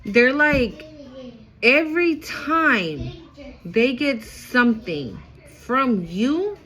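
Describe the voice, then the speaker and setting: Speaking fairly high and captured on a rough recording, a woman who reads cards intuitively offers her viewers a casual spiritual reading. Her manner is excitable and emphatic, chatty with casual swearing, and her loudness swings quickly.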